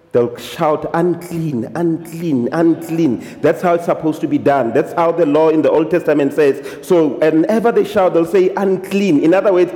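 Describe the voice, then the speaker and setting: A pastor preaching in a church hall, his voice mellow and a little higher than most men's. He drops amens between his points and slips between English and local languages. The sound rings with long reverb around the room. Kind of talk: sermon. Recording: echoey hall.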